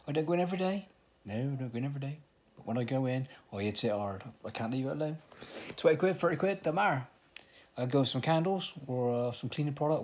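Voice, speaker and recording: A man's voice: on the high side, a little mellow, slightly rough. A man in his fifties with an English accent, rambling in a self-mocking vlog monologue and arguing with himself. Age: 50s. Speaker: vlogger. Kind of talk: casual comic monologue.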